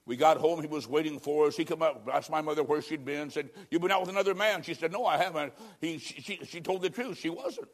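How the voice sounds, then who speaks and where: A middle-aged male preacher giving an evangelistic sermon, telling a personal story dramatically with sudden swings between loud and quiet. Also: on the high side, brisk, hardly any pauses.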